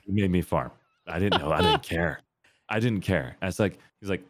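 Deep-voiced man telling animated stories. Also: a little fast, dry recording. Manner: animated storyteller, voice jumps high when acting out scenes. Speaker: podcast co-host. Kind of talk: casual chat.

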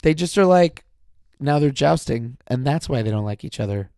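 A man's voice: medium pitch, expressive, normal speed, darkish tone, no echo, studio quality. A man who teaches, chatting casually and laughing, mimicking lines in quotes. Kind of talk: casual chat.

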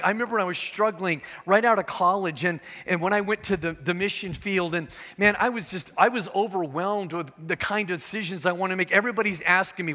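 A man's voice: high-pitched, pushed and bright. A middle-aged man preaching a sermon as pastor, earnest and conversational, with casual asides. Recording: echoey hall with long reverb.

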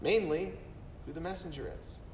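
This pastor's sermon echoes through a large sanctuary, captured from a distance with slight hiss or hum. His voice is notably high yet darkish in tone, and at normal speed he speaks earnestly, repeating words when driving a point home.

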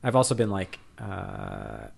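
A man's voice: deep voice, wildly swooping pitch, slow pace, vocal fry, darkish tone, husky. A man co-hosting a podcast, chatting casually and hesitantly, with many fillers and restarts. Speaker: podcast co-host. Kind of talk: casual chat.

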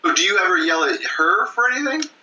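Teasing man with a bright edge. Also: high voice, very animated, fast talker. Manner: teasing, dry needling questions. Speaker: podcast co-host. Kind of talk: casual podcast banter. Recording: dull lo-fi mic with faint hiss.

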